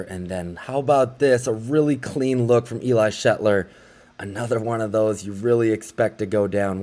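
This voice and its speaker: Young guy talking over game highlights, kinda low voice, gets hyped. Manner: excitable, chatty fan commentary. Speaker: game recap commentator. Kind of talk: casual play-by-play recap.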